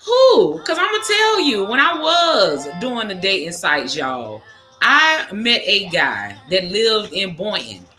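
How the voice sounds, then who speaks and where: This woman hosts a casual livestream chat with her viewers, talking frankly amid plenty of cursing and laughter. Her mid-range voice swings widely in pitch, and her slow delivery has a bright, forceful tone. The room is echoey, with music playing behind her.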